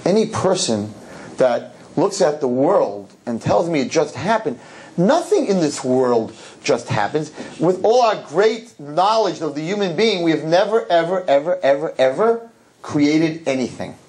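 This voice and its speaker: A man giving a humorous, animated talk to a live audience, full of rapid asides and repeated words. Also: on the high side. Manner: animated, joking, rapid-fire asides and repetitions. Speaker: rabbi giving a public talk.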